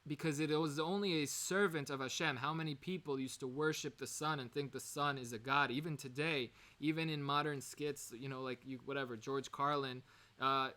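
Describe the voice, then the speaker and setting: A man's voice: medium pitch, fairly even intonation, normal speed, pushed and bright. A man giving an informal recorded lesson, explaining Hebrew words in English, digressing often and correcting himself. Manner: digressive, with many fillers and self-corrections. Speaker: Torah teacher.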